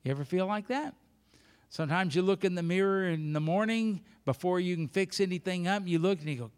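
An older man preaches from a church pulpit, his voice sitting a little high for a man. He drives his points home by repeating key phrases and pleading with the congregation, and his words ring out with a long hall reverb. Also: expressive, brisk. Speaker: pastor. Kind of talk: sermon.

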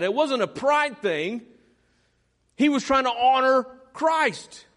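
A man preaching a sermon as pastor, calling on the congregation to repeat lines after him and drawing key phrases out slowly for emphasis. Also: extremely high pitch, lively intonation, fairly bright tone. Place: church sanctuary. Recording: long reverb of a large hall.

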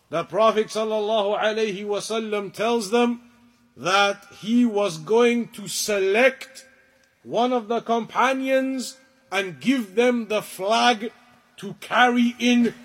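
A man giving a religious lecture to a class, explaining points deliberately and with emphasis. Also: sits high. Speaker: religious teacher.

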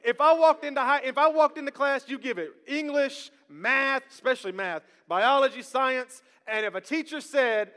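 Man, pastor's sermon, lively call-and-response, long church-hall echo. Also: very high-pitched, moderate pace, few pauses, clean tone. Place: church sanctuary.

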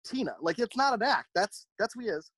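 A fast, rambling male talker who slips into little impressions of the people he's quoting. His voice sits a bit high for a man, and the sound is dry and close, with no room around it. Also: breathy edge, no echo. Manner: rambling, animated, acts out quoted voices. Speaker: podcast host, merch company owner. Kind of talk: casual chat.

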